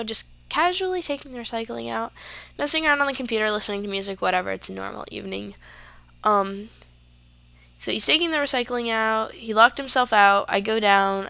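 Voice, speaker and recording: A woman's voice: fairly high pitch, creaky, sharp tone, clean tone. A teenage girl hosting a podcast, telling a story casually with lots of "like" and "yeah". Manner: chatty, lots of fillers like "like" and "yeah". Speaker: podcast host.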